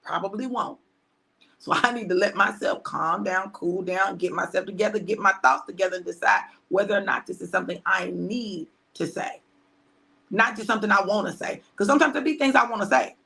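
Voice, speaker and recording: A woman pastor, preaching on a livestream with a bright, gravelly voice. She talks conversationally and repeats phrases for emphasis. Now and then she drops to hushed tones. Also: mid-range voice, brisk.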